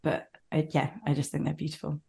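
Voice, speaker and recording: A woman with a posh British accent chats as an interview guest, her voice sitting low. She laughs easily and keeps her delivery animated. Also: a little fast, creaky. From Britain. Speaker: guest voice actor. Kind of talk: casual interview chat.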